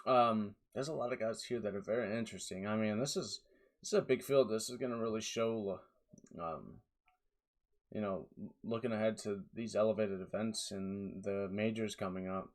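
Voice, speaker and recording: A man's voice: fairly low pitch, moderate pace. Tired young man rambling about golf picks. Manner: rambling, tired, yawning, many fillers and restarts. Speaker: fantasy golf analyst. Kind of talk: casual solo commentary.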